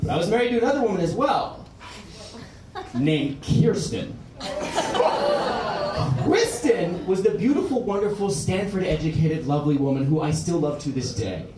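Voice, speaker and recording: A man doing stand-up, telling a story in animated bursts that drop to quiet menace and rise to shouted punchlines. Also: fairly high pitch, fairly quick, a crowd in the background. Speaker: stand-up comedian. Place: comedy club stage with audience laughing. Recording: roomy live club recording from far off.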